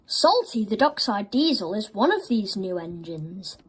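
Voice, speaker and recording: A woman telling a children's story in an expressive, animated way. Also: medium pitch, measured pace, breathy edge, poor audio.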